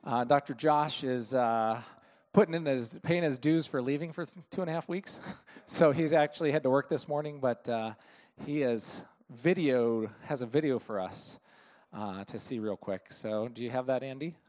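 A man's voice: medium pitch, normal speed, a little mellow. A man enthusiastically describing his mission team's late-night outreach to a church gathering. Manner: enthusiastic storytelling with fillers. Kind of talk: church testimony sharing.

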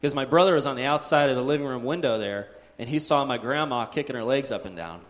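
A man telling a personal faith story in a halting way, with frequent "uh"s, sighs and restarts. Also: mid-range voice.

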